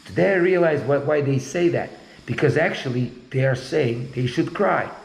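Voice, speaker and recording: A man's voice: medium pitch, expressive, normal speed, vocal fry, reverberant, rough recording. A man in casual conversation, talking bluntly and rambling, often repeating himself.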